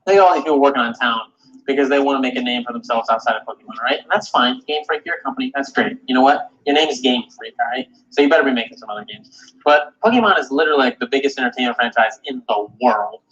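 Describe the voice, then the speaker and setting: A man ranting about video games in a heated, cursing, animated way, often stumbling over and repeating his words. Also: medium pitch, quick pace, a little hiss or hum. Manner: animated, cursing, repeats himself and mimics others. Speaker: video game commentator. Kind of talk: profane rant. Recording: dull lo-fi audio.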